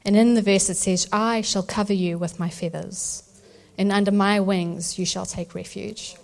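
Animated woman telling a birth story. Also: mid-range voice, moderate pace, vocal fry. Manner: animated storytelling, acts out voices. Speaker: speaker sharing a birth testimony. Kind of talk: testimony talk at a church event.

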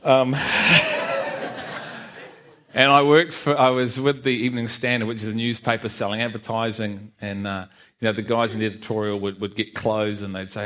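A man's voice: fairly low pitch, steady tone, normal speed, pushed and bright. A man giving a personal church testimony, frank and self-mocking, often laughing at himself. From England. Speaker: testimony speaker.

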